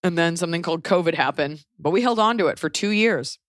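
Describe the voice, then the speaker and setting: A woman hosting a podcast, giving blunt, profane, animated advice in casual chat. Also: lowish voice, fast talker, no echo, studio quality. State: pregnant. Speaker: podcast host.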